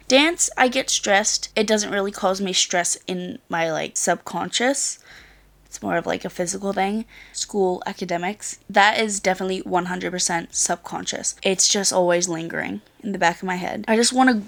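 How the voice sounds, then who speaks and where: This young woman in her late teens vlogs casually in a lowish, creaky, fairly bright voice at normal speed. Her story wanders, packed with "like" and an occasional swear word.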